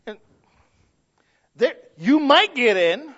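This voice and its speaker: High-pitched guy preaching a sermon, goes quiet then big and loud, kinda muffled lo-fi sound. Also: expressive, moderate pace. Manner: dynamic preaching, swinging from hushed to loud and drawn out. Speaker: pastor. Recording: dull lo-fi sound.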